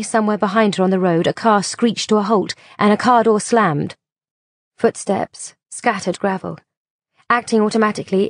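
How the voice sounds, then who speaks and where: Brief: female audiobook reader, steady and measured, fry in the voice, dry recording. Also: fairly low pitch, no room sound. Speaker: audiobook narrator. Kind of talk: audiobook narration.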